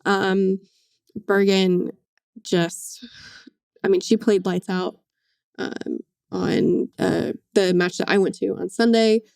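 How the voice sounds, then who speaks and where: A woman sports reporter co-hosting a podcast, talking casually in a halting way with many "um"s. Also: mid-range voice, fairly even intonation, gravelly, a little mellow, smooth, dry recording, clean studio sound. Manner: halting, many "um"s, uneven pace.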